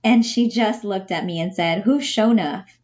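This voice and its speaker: A woman reading a letter from a traveling middle-aged father, gentle and wry, on a dull lo-fi recording. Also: medium pitch, moderate pace, natural voice. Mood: wistful. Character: worried middle-aged father writing home.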